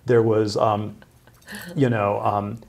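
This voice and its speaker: A middle-aged man speaks as an interview guest, his voice gravelly with a husky edge. He talks haltingly, circling back with ums, uhs and restarts as he tells his story. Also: fairly low pitch, level tone. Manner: halting, many fillers and restarts.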